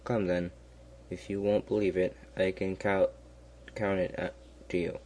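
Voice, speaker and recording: A man voicing a stubborn, grumbling peasant in a storybook reading, in a low, deliberate voice close to his own. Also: little pitch movement, a little mellow, slight background noise. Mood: coaxing. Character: grumbling stubborn male peasant, middle-aged.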